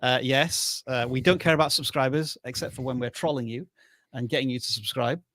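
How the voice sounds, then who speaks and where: A man's voice: mid-range voice, brisk, fairly bright tone, no room sound, studio quality. A man co-hosting a live stream in casual chat, playful and thinking aloud. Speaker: livestream co-host.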